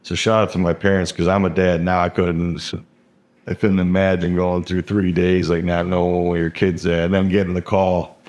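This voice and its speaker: Young guy with a lowish voice rambling thru a story, lots of like and bro, swears a bunch, echoey room sound. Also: level tone, normal speed, darkish tone. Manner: rambling, full of fillers and swearing. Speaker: guest telling his story. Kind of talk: casual storytelling. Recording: roomy echo.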